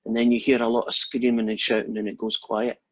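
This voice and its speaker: A man's voice: medium pitch, completely flat delivery, quick pace. A Scottish man lecturing a class in a chatty way, telling long jokes. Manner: chatty, storytelling, self-deprecating. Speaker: math lecturer. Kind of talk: casual lecture chat with jokes.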